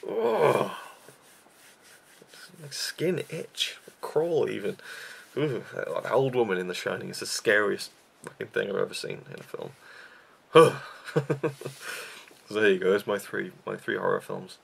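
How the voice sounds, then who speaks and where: Gravelly-voiced young man rambling casually. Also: fairly low pitch, fairly even intonation, quick pace, few pauses. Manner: rambling, self-deprecating, frequent fillers and restarts. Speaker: YouTube reviewer. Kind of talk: casual vlog chat.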